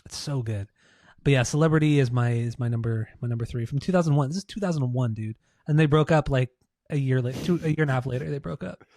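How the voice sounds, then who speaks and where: A man's voice: medium pitch, fast, a little mellow, no echo, clean studio sound. A man co-hosting a podcast, chatting casually, teasing his co-host and swearing often. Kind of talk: casual chat.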